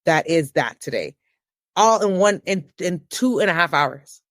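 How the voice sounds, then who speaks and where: Woman in her 30s telling her story, gets all preachy and high-pitched, dry close sound. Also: animated, a little slow, no echo. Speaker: guest. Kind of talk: candid personal testimony.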